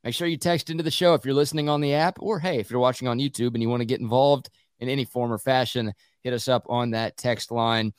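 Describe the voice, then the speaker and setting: A man hosting a sports radio show, talking college football in a quick, conversational way and laughing easily. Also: mid-range voice, steady tone, smooth, dry recording, clean studio sound. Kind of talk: casual sports talk and analysis.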